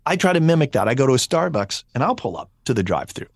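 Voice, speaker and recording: A man in his fifties, a voice actor guest on a podcast, telling animated stories in casual chat. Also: medium pitch, quick pace, breathy edge, no room sound. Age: 50s. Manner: animated storyteller, acts out others' voices.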